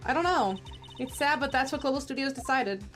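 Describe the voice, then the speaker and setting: A woman's voice: high-pitched, a little fast, over loud music, lightly acted. A woman voicing a polite young woman studio assistant from a video game, with a matter-of-fact delivery.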